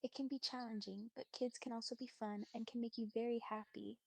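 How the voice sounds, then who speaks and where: A woman giving calm, polite, reassuring replies in an even chatbot voice. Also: on the high side, brisk, vocal fry, no echo.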